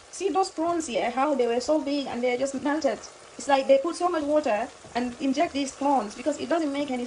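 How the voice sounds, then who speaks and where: A chatty woman talks to camera as she cooks at home, often repeating herself and calling her viewers babe. Her voice sits a little high for a woman. Frying and sizzling are clearly audible behind her. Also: darkish tone, a little hiss or hum, poor audio. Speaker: cooking vlogger. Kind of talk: casual cooking chat to camera. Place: home kitchen.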